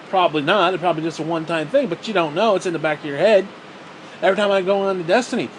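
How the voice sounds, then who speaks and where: Man, high voice, profane game rant, sarcastic, faint hum behind. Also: rapid-fire. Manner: angry, profane, sarcastic ranting. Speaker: gaming vlogger. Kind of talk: profane ranting commentary.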